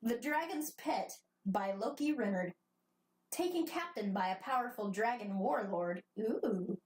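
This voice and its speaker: A woman's voice: fairly high pitch, animated, a little slow, a little mellow, slight background noise, rough recording. A woman co-hosting a casual comedy podcast who reads blurbs in a bubbly, playful way. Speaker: podcast co-host. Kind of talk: casual comedic chat, reading book blurbs.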